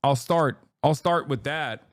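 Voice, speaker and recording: A man's voice: medium pitch, measured pace, no room sound, studio quality. A man reacting to an interview clip in casual commentary, blunt and profane, mocking the clip and laughing often.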